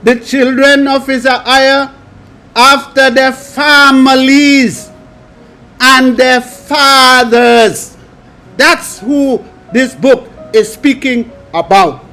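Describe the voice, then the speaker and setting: A man preaching, reading scripture aloud and adding emphatic commentary in a slow, drawn-out delivery. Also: very high-pitched, steady tone, sharp tone, soft background music.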